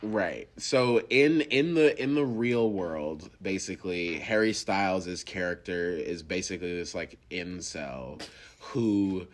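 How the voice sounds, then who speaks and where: A man hosting a podcast, chatting casually about a film, halting and restarting, laughing often. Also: low-pitched. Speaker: podcast host. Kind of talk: casual film review chat.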